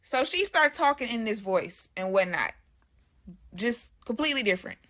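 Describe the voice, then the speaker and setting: A woman's voice: a little high, expressive, moderate pace, sharp tone. A young adult woman telling a spooky story in a casual, slangy way, talking straight to her viewers.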